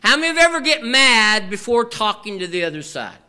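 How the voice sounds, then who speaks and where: A male pastor preaching in an animated, call-and-response style, with a high, bright voice. His pitch leaps and swoops, and he keeps prompting the congregation to answer back. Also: a little fast, clear, resonant tone. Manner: animated, calls for audience response; repetitive filler "here". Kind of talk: sermon.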